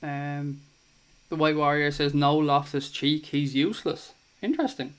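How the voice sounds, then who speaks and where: Chatty, sweary young man with a smooth voice. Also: on the high side, completely flat delivery, measured pace, a bit bright. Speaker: chat show host. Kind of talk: casual live chat reading viewer comments.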